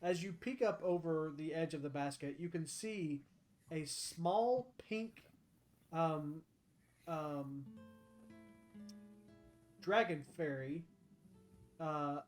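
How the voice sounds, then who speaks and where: A man's voice: fairly high pitch, slow pace, long pauses, soft background music. A man narrating a tabletop game as game master, casual with frequent fillers.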